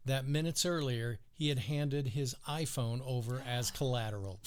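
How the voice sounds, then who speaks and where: A man co-hosting a podcast, relaxed and chatty, reading out funny news items. He drifts into easy chuckles as he tells each story. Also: medium pitch, clean tone. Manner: laid-back, chuckles often, drawn-out storytelling. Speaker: podcast co-host. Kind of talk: casual chat, reading news stories aloud.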